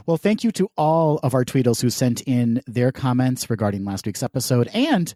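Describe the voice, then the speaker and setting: A man's voice: mid-range voice, sing-song, moderate pace, warm tone, no room sound, studio quality. A man co-hosting a casual podcast, teasing his co-host and cracking puns. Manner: jokey, teasing, punny asides.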